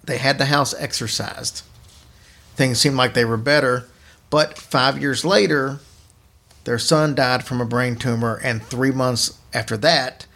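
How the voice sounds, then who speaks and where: A man's voice: mid-range voice, fairly even intonation, measured pace, vocal fry, sharp tone. A man hosting a podcast, casually telling spooky stories to his co-hosts. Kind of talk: casual storytelling chat.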